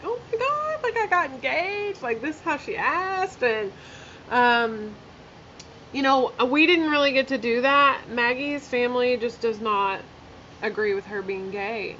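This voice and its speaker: Woman vlogger, casual makeup storytime, filler-heavy candid chat, slightly high voice, somewhat dull lo-fi sound. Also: fairly bright tone, a little hiss or hum. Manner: chatty, filler-heavy, candid and blunt with swearing. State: emotional, near tears.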